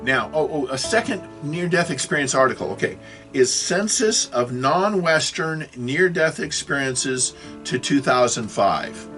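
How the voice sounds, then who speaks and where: A man's voice: medium pitch, animated, a little slow, fairly bright tone, soft background music. Rambling man in his sixties lecturing. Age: 60s. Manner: rambling, self-correcting, apologetic asides. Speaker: religious video teacher.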